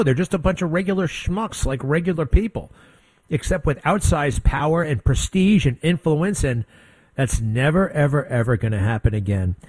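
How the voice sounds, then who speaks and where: A middle-aged man hosting a radio talk show, blunt and sarcastic, mocking people with quick impressions. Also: mid-range voice, a little mellow, breathy edge, no echo. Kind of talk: opinionated talk radio monologue.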